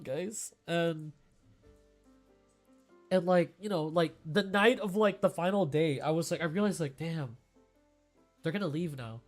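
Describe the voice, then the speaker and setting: A man's voice: a little high, slow pace, pauses often, faint music behind. A young man streamer in a tearful, rambling casual chat, full of fillers and emotion.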